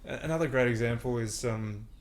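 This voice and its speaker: A man hosting a podcast, explaining ideas in a relaxed, conversational way and laughing often. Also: medium pitch, a little fast. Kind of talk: casual conversation.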